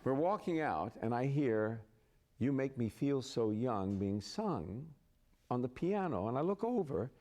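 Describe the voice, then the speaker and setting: A man's voice: medium pitch, lively intonation, a little slow, warm tone. A man, an actor, telling anecdotes as an interview guest in a chatty raconteur manner, laughing through his stories. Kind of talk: anecdotal storytelling.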